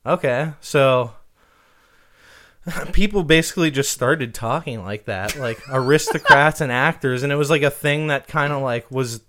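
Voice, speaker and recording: A man co-hosting a comedy podcast in casual chat, jokey and quick to laugh, with lots of fillers. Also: medium pitch, a bit bright, slight background noise. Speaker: podcast co-host.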